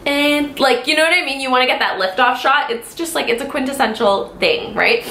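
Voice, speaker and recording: A woman's voice: high-pitched, fairly quick, pushed and bright, slight background noise. A young woman from Canada telling a casual storytime vlog, chatty and full of "like" fillers. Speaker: beauty vlogger. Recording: echoey room.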